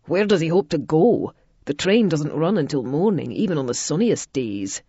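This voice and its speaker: Gruff irritable man, blunt, mellow dark voice, as a woman puts him on. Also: low-pitched, animated, normal speed, dry recording, dull audio.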